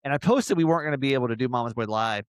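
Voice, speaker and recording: A man's voice: mid-range voice, racing, smooth, no echo, studio quality. A man hosting a podcast in casual chat, rambling and self-mocking with lots of fillers and restarts. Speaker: podcast host.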